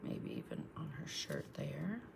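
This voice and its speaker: A woman's voice: unhurried, background noise. A woman art instructor chatting through a live painting tutorial, thinking aloud as she works and thanking viewers for their comments.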